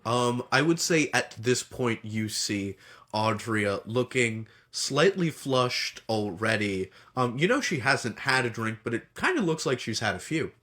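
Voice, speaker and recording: A man's voice: medium pitch, lively intonation, a little slow, a bit bright. A man narrating as game master in a tabletop game, laid-back and descriptive with frequent ums.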